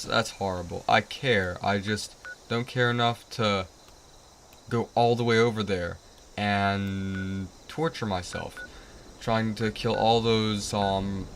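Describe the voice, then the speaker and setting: A man's voice: on the low side, gravelly, a bit bright, slight background noise. A young man streaming a video game, rambling and easily exasperated, sleepy and yawning as he complains. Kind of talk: casual live-stream commentary.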